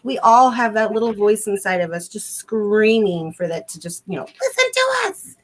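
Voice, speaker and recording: A woman's voice: medium pitch, fairly even intonation, normal speed. A woman giving a psychic card reading on a livestream, effusive and giggly, often repeating herself. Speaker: guest psychic. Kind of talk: live-streamed card reading.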